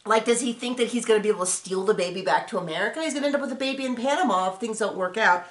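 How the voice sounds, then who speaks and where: A woman's voice: a little high, very fast, echoey room. A woman hosting a casual reality TV recap, chatting and rambling as she acts out what people said.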